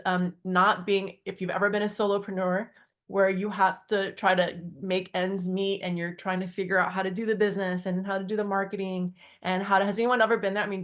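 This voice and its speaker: A woman on a video call giving a heartfelt personal testimony, rambling with restarts and acting out quoted lines. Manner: earnest, rambling with many restarts and fillers; acts out quoted dialogue with big pitch jumps. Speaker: guest speaker on a community call.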